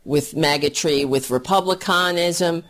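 A woman's voice: low voice, unhurried. A woman delivering a blunt, scornful and profane political commentary rant, often restarting her phrases.

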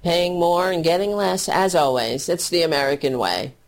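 A woman with a fairly low voice, talking at normal speed, hosts a political livestream with casual commentary. She is blunt and heated, and becomes emotional while thanking her viewers.

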